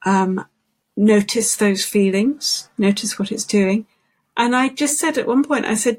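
A woman, a singing voice specialist, talking as a guest in an interview, thoughtful and unhurried, telling stories with many restarts. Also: medium pitch. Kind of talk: conversational interview.

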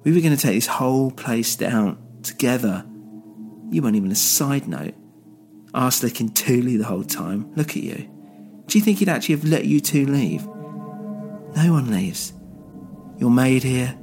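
A man's voice: medium pitch, lively intonation, normal speed, gravelly, pauses often, a little mellow, soft background music. A man voicing a defiant, grieving young woman who speaks bluntly in a single-voice audio drama. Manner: raised, pressing, blunt.

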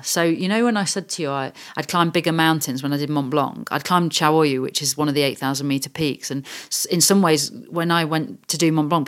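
Low-voiced woman telling her story. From United Kingdom. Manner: earnest, animated storytelling with quoted inner thoughts. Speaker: guest adventurer. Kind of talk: casual interview chat.

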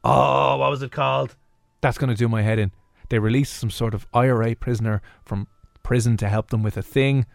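A man's voice: mid-range voice, steady tone, fairly quick, vocal fry, dry recording, studio quality. A man with an Irish accent co-hosting a radio show, chatting casually and mocking bad film accents. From Ireland. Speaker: radio co-host. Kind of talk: casual chat.

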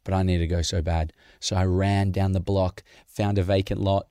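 Low-voiced joking man hosting a podcast. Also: little pitch movement, moderate pace, warm tone, smooth, no room sound, clean studio sound. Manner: jokey, rambling, laughs often. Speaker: podcast host. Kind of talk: casual Q&A chat.

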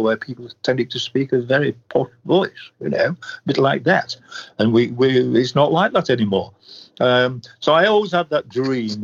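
Older Yorkshire man, veteran commentator, enthusiastic storyteller; middle pitch, muffled podcast audio. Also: breathy edge. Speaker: guest sports commentator. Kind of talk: reminiscing interview talk.

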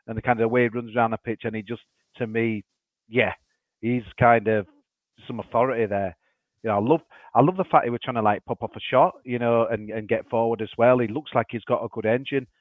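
A man co-hosting a football podcast, chatty and excitable. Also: medium pitch, quick pace, dry recording. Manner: excitable, chatty, laughs easily. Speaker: podcast co-host. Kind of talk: casual chat. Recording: tinny phone-like line.

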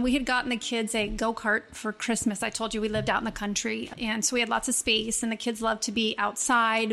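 Middle-aged mom telling a story, lively, does the kids' voices, voice a bit high. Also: female voice. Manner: animated storyteller who acts out her children's voices. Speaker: guest, mother. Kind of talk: casual storytelling.

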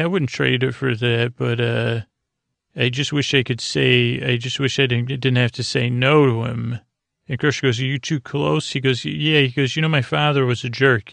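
A man's voice: mid-range voice, creaky, a bit bright, dry recording. A man casually retelling an episode in a loose, rambling way, full of fillers and quoted lines. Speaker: podcast host. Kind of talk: casual sleepy recap.

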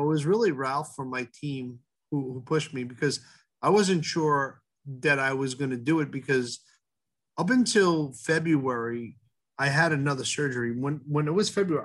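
A middle-aged man, a head baker, talking earnestly in an interview, halting often with fillers and restarts. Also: a little high, expressive, fairly bright tone. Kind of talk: casual interview talk.

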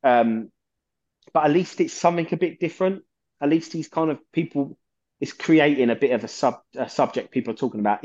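A man's voice: fairly high pitch, brisk, darkish tone, muffled recording. A man, a guest on a metal podcast, talking passionately and rambling, with plenty of swearing. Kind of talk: casual chat.

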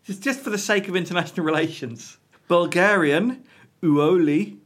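A man's voice: sits high, very animated, fast talker, a bit bright, breathy edge. Dry-witted British man reading lists. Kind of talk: casual banter.

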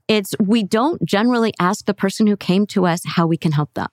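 A woman therapist guesting on a podcast, explaining calmly and acting out everyday examples with lively jumps in her voice. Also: mid-range voice, a little fast, no echo, clean studio sound. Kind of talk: casual podcast conversation.

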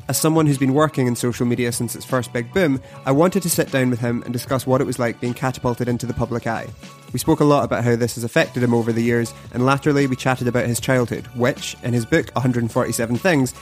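A man hosting a podcast, reading a scripted intro, then chatting with a guest in a studio in a measured presenter voice. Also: mid-range voice. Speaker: podcast host. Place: studio across a table. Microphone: headphones and studio mic.

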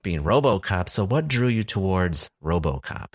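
A man with a low voice hosts a casual chat about films. He tells stories with a very lively pitch, acting out the people he quotes. The recording is dry and close. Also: normal speed, breathy edge, no room sound.

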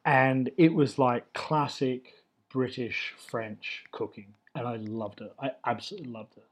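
A man's voice: medium pitch, steady tone, a little slow. An Australian man in his thirties, a chef, chatting in a casual interview and telling stories from his career with open enthusiasm. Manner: enthusiastic, loose storytelling. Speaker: chef, guest.

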